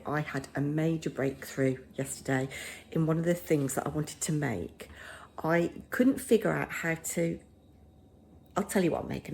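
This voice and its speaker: Middle-aged woman, casual home vlog, rambling and self-deprecating, lowish voice. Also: gravelly, a little mellow, a little hiss or hum. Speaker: vlogger, drama teacher.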